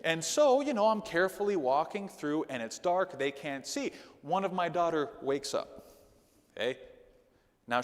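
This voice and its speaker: A man gives a Sunday school lesson in the loose, conversational style of a sermon. His voice sits a little high and swings widely in pitch as he tells his stories. The sound carries a long reverb from the church hall. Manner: animated, conversational, with frequent "okay?" asides.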